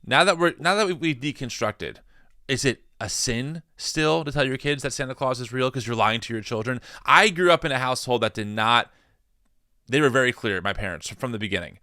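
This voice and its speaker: A man's voice: mid-range voice, a little fast, sharp tone, dry recording. A man in his thirties hosting a podcast, chatting casually with dry, sarcastic teasing. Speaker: podcast host. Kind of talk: casual chat.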